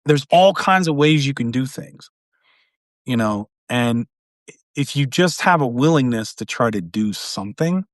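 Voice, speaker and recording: A middle-aged man speaks on a live video call in an earnest, rambling way and keeps dropping in "you know". His voice sits at a typical pitch. The sound is dry and close. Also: expressive, unhurried, no room sound. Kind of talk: casual conversation on a live stream.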